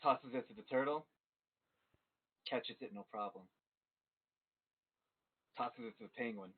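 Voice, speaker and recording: A man narrating a tabletop game as game master, telling the scene in an animated way. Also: mid-range voice, unhurried, husky. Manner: animated storytelling. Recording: tinny phone-like stream audio.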